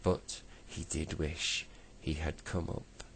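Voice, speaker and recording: A man reading a bedtime story aloud in a slow, unhurried way, with small slips. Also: rumbling low, little pitch movement, a little hiss or hum.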